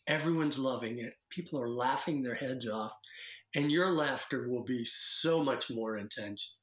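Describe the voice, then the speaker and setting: A man's voice: medium pitch, unhurried, a bit bright. Guy chatting about laughing, playful, voice bouncing around a roomy space. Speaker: guest, laughter practice teacher. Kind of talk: casual interview chat.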